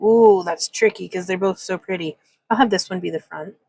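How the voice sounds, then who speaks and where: Her voice is fairly low, gravelly and a little mellow, moving at normal speed with no echo, though the audio is poor. Streaming casually from a home craft room, the woman talks through wire-wrapping in a rambling, chatty way, laughing frequently and reading out comments from chat.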